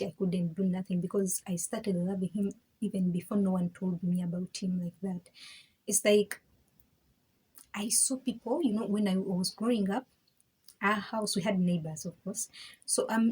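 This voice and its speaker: A woman's voice: medium pitch, breathy edge. A young woman, telling her story in a casual personal video, laughing and acting out other people's words. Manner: animated, laughing, acts out quoted voices. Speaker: vlogger.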